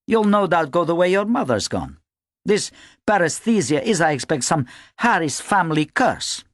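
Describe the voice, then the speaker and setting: A man voicing a fierce, sharp-tongued mother in an audiobook reading. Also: a little high, big pitch swings, normal speed, no echo, studio quality, voice pushed up. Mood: accusing. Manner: accusing.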